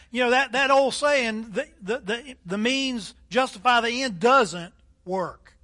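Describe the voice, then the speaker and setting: Older guy preaching, real high bright voice, swings loud then soft. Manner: emphatic preaching with rising and falling delivery. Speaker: pastor. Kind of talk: sermon.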